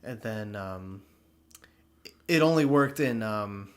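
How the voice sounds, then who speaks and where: A man's voice: fairly low pitch, expressive, slow pace. A young man co-hosting a podcast in casual chat, rambling, laughing often and swearing freely. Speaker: podcast co-host.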